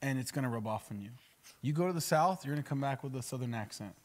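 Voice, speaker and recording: A man's voice: mid-range voice, lively intonation, fast. A man, a pastor, teaching in an emphatic, conversational way on a podcast. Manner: emphatic, acts out spoken prayers.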